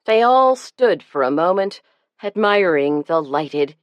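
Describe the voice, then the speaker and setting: A woman narrating an audiobook in a measured, gentle storytelling manner. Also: low voice, no echo. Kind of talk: scripted narration.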